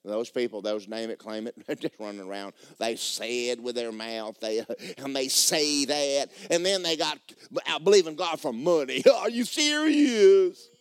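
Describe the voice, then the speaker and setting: A man preaching a sermon, emphatic and loud at times, dropping low for stories. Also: fairly even intonation, moderate pace, hardly any pauses, clear, resonant tone, dry recording, studio quality. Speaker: pastor.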